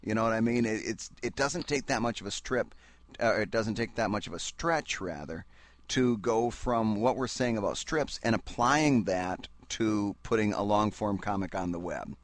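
A man's voice: fairly low pitch, normal speed, no echo. A man co-hosting a casual podcast, explaining earnestly with many restarts. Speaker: podcast co-host. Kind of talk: casual chat.

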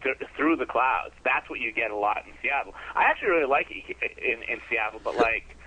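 A man's voice: medium pitch, expressive, brisk, bright, forceful tone, a little hiss or hum, rough recording. A man appearing as a podcast guest, speaking in laid-back casual chat and hedging with lots of fillers.

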